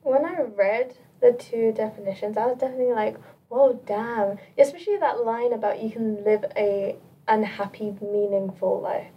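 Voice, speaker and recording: A woman's voice: a little high, normal speed, breathy edge, muffled recording. A young woman student in casual group chat, reacting and laughing often. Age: young adult.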